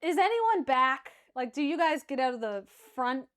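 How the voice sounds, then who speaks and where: Bubbly high-voiced woman game master. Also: big pitch swings, normal speed. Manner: chatty, with fillers and giggles. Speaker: dungeon master. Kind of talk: narrating a tabletop game.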